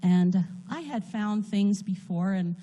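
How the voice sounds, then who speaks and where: A woman giving a personal testimony in a church, speaking earnestly and haltingly while holding back tears. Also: mid-range voice, lively intonation, mellow, slight background noise.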